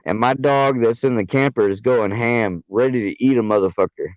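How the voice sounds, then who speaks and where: A man's voice: medium pitch, normal speed, no echo. Male panel guest, loose and profane, restarts a lot, mid-range voice, muffled dry recording. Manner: rambling, profane, full of fillers and restarts. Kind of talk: casual livestream chat. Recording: dull, dry online audio.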